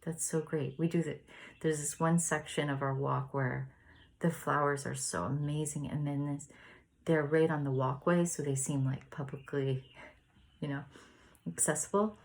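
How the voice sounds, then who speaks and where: A woman in her thirties leading a spiritual study, chatting in a gentle, meandering way and laughing often. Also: low voice, steady tone, moderate pace, gravelly. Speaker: spiritual study group leader. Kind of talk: casual reflective sharing and reading aloud.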